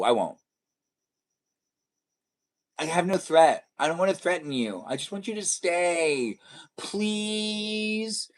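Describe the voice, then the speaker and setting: A man hosting a live stream, chatting casually with viewers in a silly, teasing way. He jokes around as he answers their comments. Faint music plays in the background. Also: mid-range voice.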